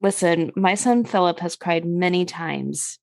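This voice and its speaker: A woman's voice: on the low side, unhurried, creaky, darkish tone. A woman voicing a blunt, motherly woman adventurer in tabletop role-play, teasing and direct.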